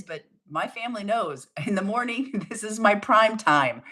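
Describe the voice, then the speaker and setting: Expressive woman giving a motivational talk. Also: mid-range voice, normal speed, hardly any pauses. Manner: emphatic, coaching, rhetorical questions. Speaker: wellness coach.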